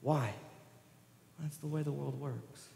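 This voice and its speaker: A man's voice: medium pitch, fairly even intonation, takes it slowly, vocal fry, dark tone, slight background noise. A man preaching a sermon as pastor, talking conversationally and acting out quoted voices in a church sanctuary. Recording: roomy echo with long hall reverb.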